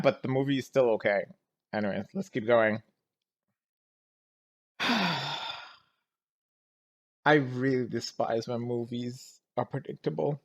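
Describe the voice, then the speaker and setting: A man's voice: mid-range voice, slow pace, pauses often. A man talking casually as he reacts to a movie, exasperated and rambling, often groaning and laughing at it. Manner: keeps restarting and saying "anyways, let's keep going".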